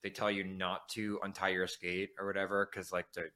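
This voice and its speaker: A man's voice: deep voice, completely flat delivery, fairly quick, sharp tone. A man, a former hockey player and guest, telling a joking story in casual chat, laughing along.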